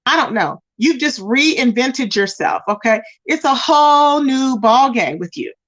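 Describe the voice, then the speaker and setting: A woman with a high, bright-edged voice hosts a casual livestream. She talks in a sassy, drawn-out way, greeting her chat and gossiping as if to friends. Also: animated, lo-fi sound. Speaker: livestream host.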